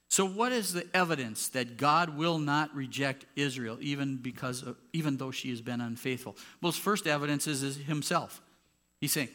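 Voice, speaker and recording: A pastor with a medium-pitched, sharp-toned voice preaches at a moderate pace in his church sanctuary. Conversational yet emphatic when making points, he's captured on a handheld or clip mic with popping.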